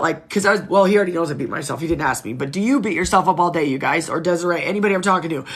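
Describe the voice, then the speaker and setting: A woman's voice: lowish voice, racing, hardly any pauses, fairly bright tone, slightly rough. A woman in her thirties hosting a casual livestream, talking frankly and emotionally, swearing freely and greeting viewers by name. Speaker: livestream host.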